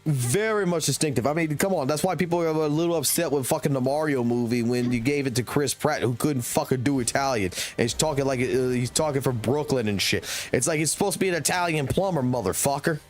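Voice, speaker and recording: A man's voice: medium pitch, quick pace, hardly any pauses, faint music behind. A man streaming live, giving blunt, slangy commentary on a game with heavy swearing. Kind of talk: casual ranting commentary.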